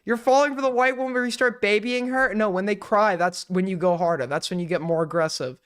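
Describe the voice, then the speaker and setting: A man doing heated live commentary on a clip, mocking and excitable, sometimes breaking into loud rants. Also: high voice, a little fast, clear, resonant tone. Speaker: commentary streamer reacting to a clip.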